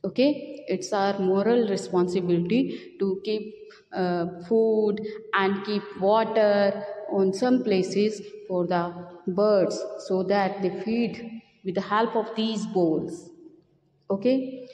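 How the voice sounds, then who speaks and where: A woman teacher giving a storytelling lesson to children in a slow, instructive way. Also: medium pitch, fairly even intonation, a little mellow, echoey room, big-room sound.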